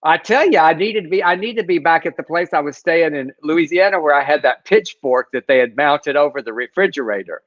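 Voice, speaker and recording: A man's voice: fairly high pitch, fairly quick, few pauses, no echo. A Texan man with a Southern accent co-hosts a casual livestream. His voice swoops up and down as he talks, and he often stumbles and restarts. The audio is dry and lo-fi. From Texas. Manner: expressive, stammers and restarts, laughs easily. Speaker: co-host. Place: Los Angeles.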